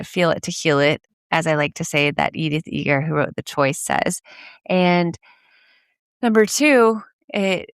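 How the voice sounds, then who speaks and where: Hosting her own podcast as a coach, a woman chats casually, using "like" and "you know" a lot and laughing now and then. Her voice sits low and is a bit bright, with clean studio sound and no room noise.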